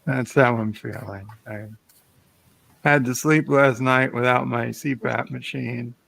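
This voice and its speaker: A tired, sleepy man chatting casually on a morning show, speaking haltingly with many pauses. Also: medium pitch, fairly even intonation, gravelly, fairly bright tone.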